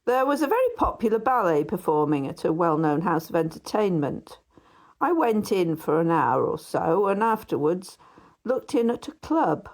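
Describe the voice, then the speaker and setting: Measured woman narrating a ghost story. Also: lowish voice, big pitch swings. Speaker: audiobook narrator. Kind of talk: scripted narration.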